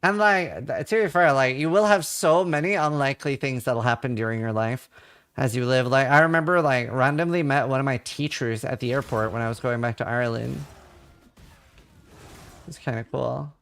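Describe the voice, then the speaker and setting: A man's voice: medium pitch, moderate pace, fairly bright tone, clean tone. A man from Norway in his thirties, chatting casually with viewers while gaming, reading their questions aloud and swearing now and then. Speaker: livestreamer.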